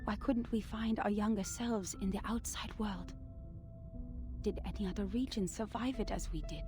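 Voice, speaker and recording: A woman voicing the solemn author of a secret report in a game, reading it out in a measured, grave way. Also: mid-range voice, fairly even intonation, music in the background, close to an everyday voice.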